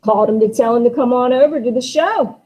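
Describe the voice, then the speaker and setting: A woman's voice: fairly high pitch, fast talker, darkish tone, breathy edge, voice pushed up. A woman reading Walter, a bitter, impassioned young man. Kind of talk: dramatic play reading. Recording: dull lo-fi recording.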